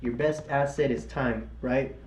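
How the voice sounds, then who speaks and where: A man's voice: mid-range voice, steady tone, unhurried, darkish tone, reverberant, slight background noise. A young man live-streaming his trading, hyped and slangy, cheering the chart on and sweet-talking it like a lover.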